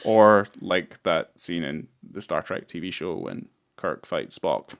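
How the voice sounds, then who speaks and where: A man's voice: sits low, big pitch swings, slow pace, vocal fry. A man co-hosting a film podcast in casual chat, rambling with lots of fillers and swearing. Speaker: podcast co-host.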